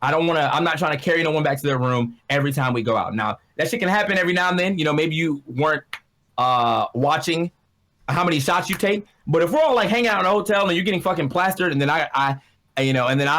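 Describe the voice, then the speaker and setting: A man in his thirties rattles off a heated, profane rant at a rapid clip. His voice sits a bit high, and he sounds worked up as he co-hosts a casual chat show. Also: expressive, fairly bright tone. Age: 30s. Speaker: talk show co-host.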